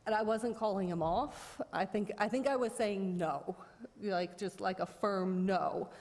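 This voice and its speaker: A woman speaks at a town board hearing, rambling through her account with constant fillers and restarts. Her voice sits at an average pitch for a woman. The room gives it a long, hall-like reverb. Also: a little slow, a little mellow. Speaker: dog owner at a public hearing. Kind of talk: informal testimony.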